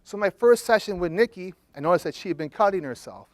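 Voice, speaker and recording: A man's voice: high-pitched, animated, fast, no echo. A man, a therapist, presenting a case study to an audience in a conversational storytelling way, checking in with listeners as he goes.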